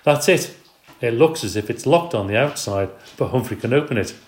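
A man doing a calm, practical husband. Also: mid-range voice, normal speed, lightly acted. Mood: reasoning. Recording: roomy echo.

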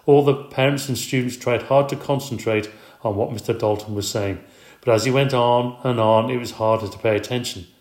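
A man's voice: medium pitch, brisk. Man reading a story aloud, roomy echo. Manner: expressive, conversational. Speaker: narrator. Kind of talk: audiobook storytelling.

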